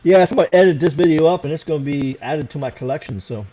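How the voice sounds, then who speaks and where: A man's voice: on the high side, fast talker, mellow, a little hiss or hum, poor audio. An American man hosting a casual late-night livestream, rambling and swearing as he fiddles with his computer. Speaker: livestream host.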